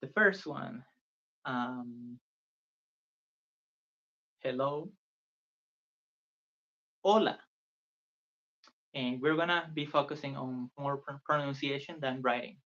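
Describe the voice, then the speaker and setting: A man's voice: mid-range voice, steady tone, slow, long pauses, pushed and bright. A man teaching a beginner language lesson on a live stream, patient and earnest, repeating phrases for viewers to copy. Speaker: Spanish tutor. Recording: dull lo-fi sound.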